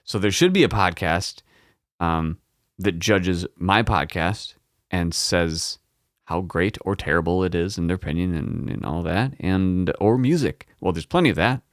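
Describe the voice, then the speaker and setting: A man's voice: deep voice, measured pace, no room sound, studio quality. A man hosting a pinball podcast, rambling and swearing in casual solo chat. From United States. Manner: rambling, profane, self-mocking. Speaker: podcast host.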